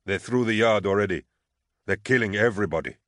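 A man's voice: lowish voice, a little fast, a bit bright, dry recording, clean studio sound, natural voice. A man voicing a flustered male prison guard who talks with agitated, snapping urgency.

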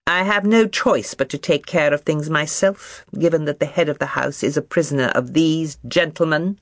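The narrator voicing a stern elderly landowning lady who speaks in loud, sarcastic tones. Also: medium pitch, moderate pace, no room sound, clean studio sound, natural voice.

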